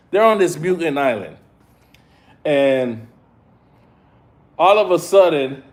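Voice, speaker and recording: A man giving a casual live review of an episode, retelling scenes in an excitable, slangy way. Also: on the high side. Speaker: show reviewer.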